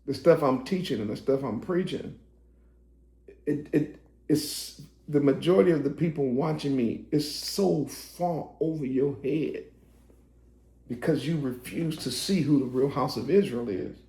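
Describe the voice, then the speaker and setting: A man preaching a sermon to online viewers, his voice going hoarse, building to emphatic, shouted preaching. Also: a little high, a little slow, reverberant. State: voice getting hoarse.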